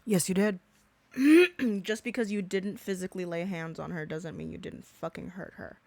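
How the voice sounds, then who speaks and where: A woman's voice: lowish voice, normal speed, creaky, a little mellow. A woman giving a profane reaction commentary, ranting angrily and swearing heavily. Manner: angry, ranting, heavy swearing.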